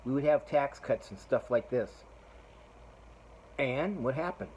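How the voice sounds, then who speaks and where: A man's voice: medium pitch, expressive, unhurried, darkish tone, dull audio, a little hiss or hum. A middle-aged man hosting a podcast, telling a rambling, profane story in a casual monologue. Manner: profane, rambling, laughs while retelling. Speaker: podcast host.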